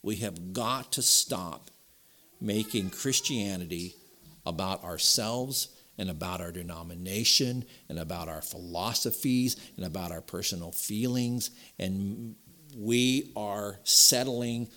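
Picture a pastor in the pulpit, a man with a slightly low, nasal voice. He preaches emphatically, pushing his voice up and out whenever he reads scripture aloud. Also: measured pace. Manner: emphatic preaching, louder and higher on scripture quotes. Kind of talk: sermon.

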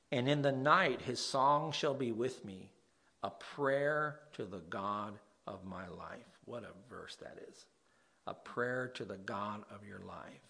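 Male preacher, mid-pitched voice, unhurried scripture reading and plain talk. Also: a bit bright. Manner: reads scripture slowly, then explains in a plain conversational way. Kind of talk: sermon.

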